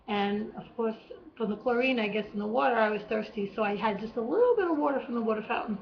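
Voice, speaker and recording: A slightly high-voiced woman recounts a personal testimony with earnest emotion, acting out the cries she remembers. The recording sounds dull and lo-fi, like a simple home setup. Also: quick pace, creaky, few pauses. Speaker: vlogger.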